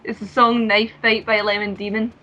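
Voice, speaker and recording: A woman co-hosting a let's-play, playful and quick to jump into silly voices. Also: medium pitch, flat delivery, pushed and bright, lo-fi sound. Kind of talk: casual gameplay commentary.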